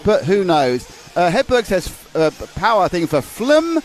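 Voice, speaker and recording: A man commentating on a live race stream, excitedly greeting viewers by name. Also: high voice, unhurried. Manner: excitable, bubbly, reads out viewer names.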